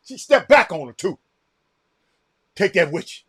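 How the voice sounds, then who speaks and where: A man with a Southern American accent hosting a casual livestream, reacting loudly to a game and calling out viewers by name. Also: high voice, a little slow, pauses often, husky. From Texas. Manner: excitable, reacts loudly to a game while chatting; addresses viewers by name, repeats himself. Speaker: livestream host. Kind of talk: casual chat with live viewers.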